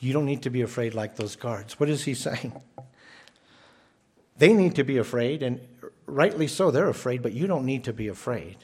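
A man's voice: mid-range voice, expressive, moderate pace, a little mellow, slightly rough. A man preaching a sermon as pastor, emphatic and often repeating his first words as he starts a phrase.

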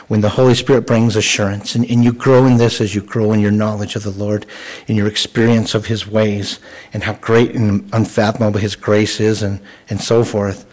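A man's voice: lowish voice, darkish tone, rough recording. A man preaching a sermon in an earnest, conversational way, often restarting his sentences. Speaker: pastor.

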